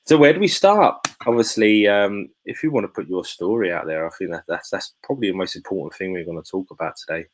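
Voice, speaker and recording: A man's voice: deep voice, expressive, fast, few pauses, low-quality recording. A man hosting a live chat, talking in an emotional, slangy way with many restarts. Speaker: host.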